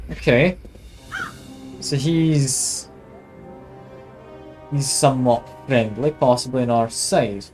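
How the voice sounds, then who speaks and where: A man's voice: mid-range voice, slow, pauses often, a little mellow, faint music behind, low-quality recording. A man streaming a game playthrough, chatting and making self-deprecating asides as he reads. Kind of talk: live game playthrough commentary.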